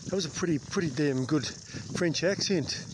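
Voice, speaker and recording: A man's voice: fairly high pitch, normal speed. A New Zealand man talking casually and self-mockingly to the camera while out hiking, with some mild swearing. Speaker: vlogger hiking a long trail. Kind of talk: casual hiking vlog talk. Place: outdoors on a bush trail. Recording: outdoor noise, insects behind.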